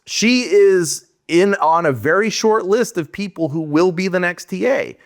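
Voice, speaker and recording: A man's voice: high voice, measured pace, hardly any pauses. A man co-hosting a podcast, talking through a film plot in casual chat and ranting with exasperated rhetorical questions. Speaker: podcast co-host. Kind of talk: casual movie review chat.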